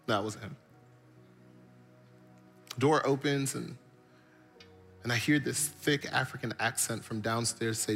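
A man's voice: mid-range voice, normal speed, vocal fry, long pauses, a bit bright, slightly rough, soft background music. A man preaching a sermon, telling stories with animation and building his points through repetition. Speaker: pastor.

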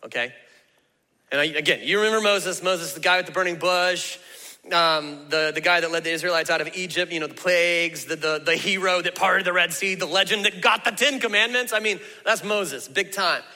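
A man's voice: high voice, fairly quick, bright, forceful tone, in a large hall. A man preaching a sermon as pastor, in a folksy, conversational way with emphatic asides.

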